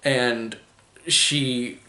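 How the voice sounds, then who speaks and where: A man's voice: medium pitch, steady tone, very slow, sharp tone. Guy rambling through a movie review, lots of "like", medium voice, echoey room. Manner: rambling, full of "like" and restarts, chuckling. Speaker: film reviewer. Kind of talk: casual spoken movie review.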